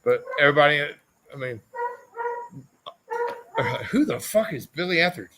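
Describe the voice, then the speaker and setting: A man who raced motorcycles, telling loud and profane stories as a podcast guest, often slipping into mock quotes of other people. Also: a little high, expressive, normal speed. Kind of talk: unfiltered storytelling, heavy swearing. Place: podcast studio.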